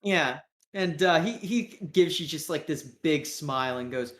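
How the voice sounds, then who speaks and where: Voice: medium pitch, lively intonation, unhurried, fairly bright tone, echoey room. A game master narrating a tabletop game in a loose, filler-heavy, laid-back way.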